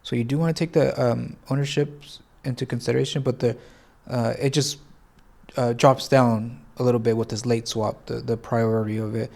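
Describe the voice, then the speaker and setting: A man walks through a casual tutorial, thinking aloud and often stopping to correct himself. His voice sounds congested, with a gravelly, creaky texture at a middle pitch. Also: fairly even intonation, normal speed, a little mellow. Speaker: fantasy sports tutorial host. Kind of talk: casual screen-share tutorial.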